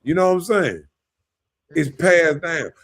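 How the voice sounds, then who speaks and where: A man, hosting a podcast in casual opinion talk, animated, often asking "you know what I'm saying" and laughing. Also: a little high, a little slow. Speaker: podcast host.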